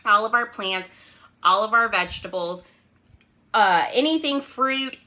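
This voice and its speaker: A woman teaching a remote lesson to young children, talking in a lively sing-song way and checking in with them constantly. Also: mid-range voice, measured pace. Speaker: preschool teacher.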